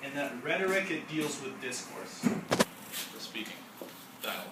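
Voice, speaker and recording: A young man talks a small group through a reading in a loose, rambling way, full of fillers and restarts. He is picked up from some distance by the mic. The room rings with echo, and steady background noise sits under his voice. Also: a little high, brisk. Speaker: discussion leader presenting to a study group. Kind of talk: casual classroom presentation.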